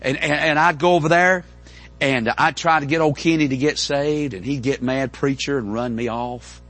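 A middle-aged man, preaching a folksy, animated storytelling sermon to a congregation. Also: mid-range voice, normal speed. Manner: folksy, animated, with repeated stammering restarts. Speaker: pastor. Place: church in front of a congregation.

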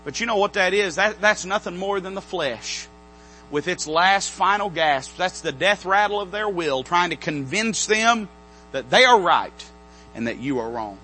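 Preacher, male: high, bright, forceful tone, animated pulpit delivery, faint mains hum on the recording. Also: normal speed, rough recording. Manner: animated preaching, swings from loud to hushed. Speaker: pastor. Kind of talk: sermon. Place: church sanctuary, from the pulpit.

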